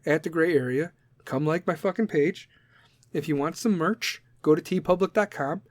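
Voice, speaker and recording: A man's voice: fairly high pitch, no echo. A man hosting his own podcast, talking casually in a brash, profane, joking way. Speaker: podcast host.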